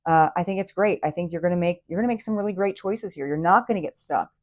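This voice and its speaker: Female tarot host, low-ish voice, chatty and easily excited, rambling delivery. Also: fast. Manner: excitable, enthusiastic, chatty with many fillers and restarts. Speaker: tarot reader and channel host. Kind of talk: casual tarot reading to camera.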